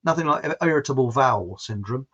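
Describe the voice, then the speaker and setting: A man's voice: mid-range voice, lively intonation, quick pace, fairly bright tone. A British man hosting a casual chat, rambling and chatty, laughing at his own jokes. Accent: British English. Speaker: host. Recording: muffled lo-fi audio.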